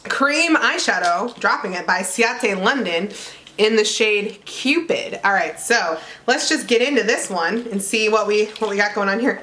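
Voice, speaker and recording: A young woman vlogging to camera, chatty and bubbly, with lots of "like" and excited squeals of "oh my God". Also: mid-range voice, measured pace. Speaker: beauty vlogger unboxing a subscription box. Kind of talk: casual chat to camera.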